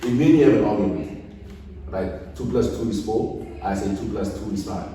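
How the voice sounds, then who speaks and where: A man, a guest on a podcast, telling stories in casual chat and swinging from quiet to loud as he goes. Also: fairly low pitch, normal speed, recorded from a distance. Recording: echoey room, speaker off-mic.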